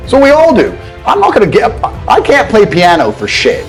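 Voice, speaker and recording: A man's voice: high-pitched, wildly swooping pitch, moderate pace, rough recording. A man from England, delivering a blunt, profane motivational rant that lectures listeners and mocks the way other people talk. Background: faint background music.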